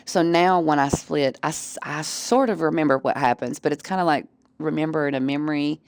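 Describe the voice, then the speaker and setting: A woman's voice: low voice, a little fast, darkish tone, no echo, clean studio sound. A woman streamer chatting casually with her viewers, candid and profane, often laughing. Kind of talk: casual chat.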